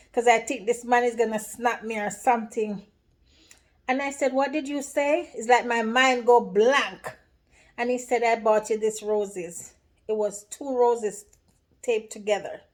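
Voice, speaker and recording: Lively storytelling woman, somewhat high voice. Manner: lively, emotional, repeats "let me tell you". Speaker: vlogger. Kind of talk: casual storytelling vlog.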